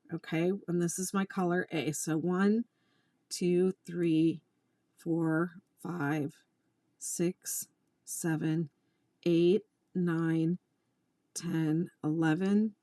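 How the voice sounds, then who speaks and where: In a casual crochet tutorial, a woman with a lowish voice chats through exasperated asides while quietly counting her stitches, with no echo in the recording.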